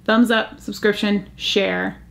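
Gravelly-voiced chatty woman. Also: mid-range voice, slow pace. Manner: chatty, easily excited, gasping over finds. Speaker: jewelry channel host. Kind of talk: casual vlog chat.

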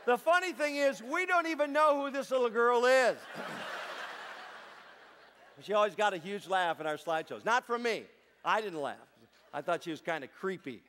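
A man doing stand-up comedy, telling stories on stage to a live audience in a playful, chatty way with deadpan asides. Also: sits high, moderate pace, pauses often, a little hiss or hum.

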